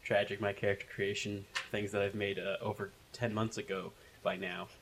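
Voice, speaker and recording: A man's voice: lowish voice, little pitch movement, normal speed, background noise. A man playing a tabletop game with friends, making dry, wry jokes in casual chat. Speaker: player.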